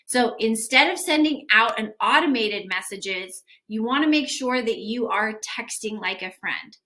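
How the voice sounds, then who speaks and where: A woman's voice: a little high, animated, unhurried, sharp tone. A young adult woman giving a casual, upbeat lesson on sales follow-up, acting out sample text messages as she goes. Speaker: sales coach for gym owners. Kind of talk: instructional video talk.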